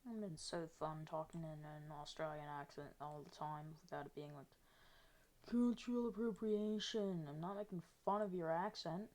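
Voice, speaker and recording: A woman's voice: low-pitched, fairly even intonation, moderate pace, a little mellow. A woman live streaming, chatting casually to an almost empty chat while she works on a map. She talks in a rambling, self-mocking way.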